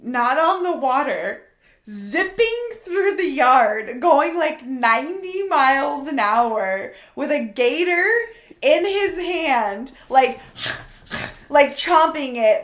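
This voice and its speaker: A woman co-hosting a podcast in casual chat, telling stories in an animated way and laughing often. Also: high voice. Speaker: podcast co-host. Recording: roomy echo.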